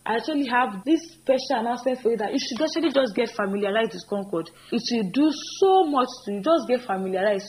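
Woman teaching grammar, slow emphatic examples. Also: a little high, a little mellow, a little hiss or hum, poor audio. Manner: repeats example sentences slowly and emphatically; earnest, encouraging. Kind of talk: spoken grammar lesson.

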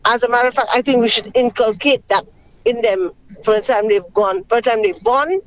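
A caller speaks on a radio phone-in in a mid-pitched voice. The sound is dry and close, and the caller talks in an earnest, deliberate way with some fillers. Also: no room sound, rough recording.

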